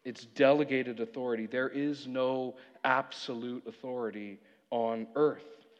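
A man preaching a sermon, retelling a story with animated delivery and acted-out quotes. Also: medium pitch, a little slow. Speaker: pastor. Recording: dull audio with long hall reverb.

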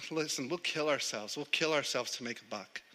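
A man's voice: medium pitch, fairly quick, bright, forceful tone. A man preaching a sermon in a conversational way, often repeating words as he starts a sentence. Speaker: pastor. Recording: long hall reverb.

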